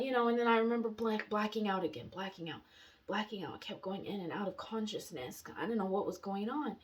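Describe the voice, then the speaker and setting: A young adult woman telling a personal story in a casual, rambling way, with restarts, pauses and the odd wry laugh. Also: mid-range voice. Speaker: vlogger sharing personal story.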